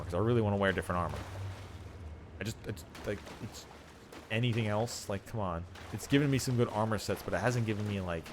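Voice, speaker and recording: A man's voice: on the low side, noisy background. Man, game streamer, casual rambling chat, profane rants, laughs often.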